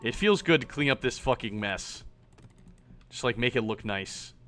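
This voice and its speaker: A man streaming a game, reacting loudly with swearing and sarcastic comments. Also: mid-range voice, expressive, normal speed, soft background music. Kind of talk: live gameplay commentary.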